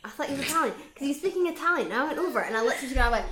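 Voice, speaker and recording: A young woman with a Scottish accent, co-hosting a casual podcast and telling animated, self-mocking stories with plenty of swearing. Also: medium pitch, racing, hardly any pauses, reverberant, a crowd in the background. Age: young adult. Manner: animated storyteller, swearing, laughing at herself. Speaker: podcast co-host. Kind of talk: casual chat.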